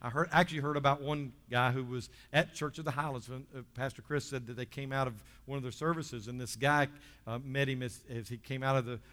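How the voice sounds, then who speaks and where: A male pastor preaching a lively sermon, dropping low and quiet for stories and rising loud to exhort the church. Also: brisk, big-room sound. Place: church sanctuary.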